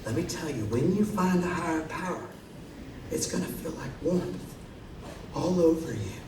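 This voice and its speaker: A man's voice: on the high side, lively intonation, normal speed, creaky, background noise, pitched below the performer's own voice. A man voicing a blunt, motherly woman counselor who curses and calls people pet names. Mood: doting. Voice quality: sassy, profane, doting. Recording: echoey live hall, distant mic, crowd.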